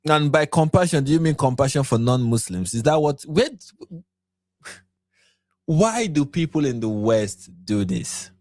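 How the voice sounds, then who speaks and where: A man's voice: on the high side, expressive, a little slow, a little mellow, dry recording, clean studio sound. A man from Nigeria hosting a late-night commentary livestream, tired and yawning, pressing his points with repeated rhetorical questions. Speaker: livestream host.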